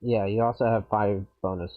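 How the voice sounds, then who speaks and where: A man's voice: on the low side, steady tone, normal speed. A man running a tabletop game as game master, giving laid-back rulings. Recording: dull lo-fi audio.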